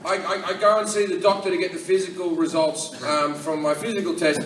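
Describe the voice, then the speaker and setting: A man doing stand-up, telling a profane story with animated delivery and acting out other people's voices. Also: sits high, brisk, slight background noise. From Australia. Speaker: stand-up comedian. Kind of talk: stand-up comedy set. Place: large comedy venue with a live audience. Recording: echoey hall, voice from far off, loud ambience.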